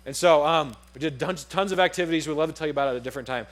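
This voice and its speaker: A young man gives a sermon as a story, speaking casually and acting out each exchange. His voice sits a little high for a man. He talks in loose, friendly chat. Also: racing. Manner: casual, animated, acts out dialogue in the story.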